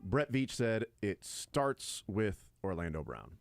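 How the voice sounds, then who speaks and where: A man hosting a casual sports talk radio show, lively, with sudden loud impressions. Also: on the low side, takes it slowly, creaky, no echo. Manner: animated, slips into loud silly impressions.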